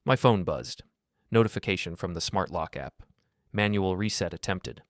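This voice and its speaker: A man tells a first-person story in a calm, measured voice that sits very low. The recording is dry and close, with no room sound at all. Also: dry recording. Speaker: narrator.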